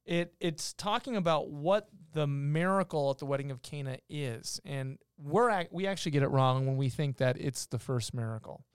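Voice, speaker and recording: Podcast co-host, man, smooth, slightly raised pitch, casual Bible explainer, dry close sound. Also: moderate pace, few pauses, dry recording. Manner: explains patiently, reads verses aloud, many restarts. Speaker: podcast co-host teaching scripture.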